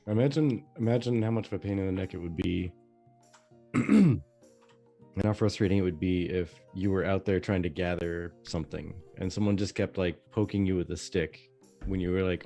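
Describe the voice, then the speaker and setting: Deep-voiced man podcast co-host. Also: gravelly, soft background music. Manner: animated storyteller, drawn-out explanations. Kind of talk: casual gaming chat.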